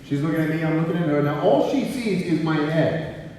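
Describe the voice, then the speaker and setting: A man's voice: fairly high pitch, lively intonation, brisk, a little mellow, slight background noise. Playful man speaking in an echoey gym. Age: 30s. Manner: playful storyteller, acts out quoted voices with big swings. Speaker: motivational speaker. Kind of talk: humorous motivational speech to a live audience. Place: large school gymnasium. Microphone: handheld mic, recorded from far off in the hall. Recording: very echoey gym recorded from far off.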